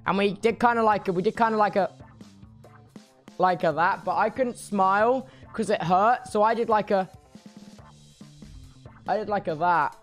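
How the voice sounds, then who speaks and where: A man's voice: sits high, moderate pace, pauses often, fairly bright tone. A groggy young man chats loosely on a live stream, his words a little thick after surgery. He rambles in casual slang, restarting sentences often, with faint music playing underneath. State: groggy after surgery, speech slightly impaired. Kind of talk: casual chat reading viewer messages.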